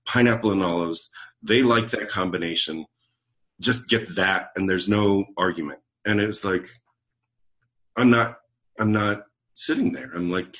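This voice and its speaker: A man's voice: sits low, measured pace. A middle-aged man telling a personal story in conversation, acting out the lines of people in it. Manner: animated storyteller who acts out quoted dialogue. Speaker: podcast guest, leadership coach.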